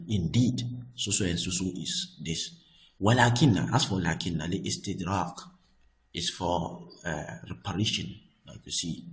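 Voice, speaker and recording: A man's voice: deep voice, low-quality recording. A man teaching a grammar lesson, explaining patiently, repeating himself and restarting phrases.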